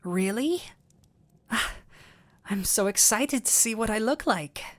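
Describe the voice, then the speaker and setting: A woman's voice: fairly high pitch, expressive, slow. A woman voicing a sweet, clumsy male dullahan boyfriend in an audio role-play, tender and giddy with affection. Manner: tender, giddy and affectionate, playful self-teasing. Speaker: voice actor.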